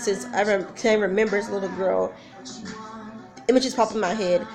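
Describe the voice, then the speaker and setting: Rambling nervous woman over loud music. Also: mid-range voice. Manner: rambling and self-interrupting, nervous and emotional. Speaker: vlogger telling a personal story. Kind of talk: casual story-time vlog. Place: at home with a song playing. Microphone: camera mic. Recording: music playing loudly in background.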